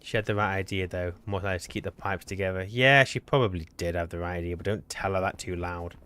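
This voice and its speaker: A man's voice: sits low, fast, bright, forceful tone, clear, resonant tone. A man live-streaming a co-op game, chatting casually and teasing his partner. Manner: chatty, self-correcting, teasing. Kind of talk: casual gameplay chat.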